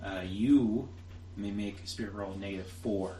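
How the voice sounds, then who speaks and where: Low-pitched man, game master, narrating and explaining rules, distant roomy recording, steady background noise. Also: normal speed. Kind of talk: running a tabletop role-playing game.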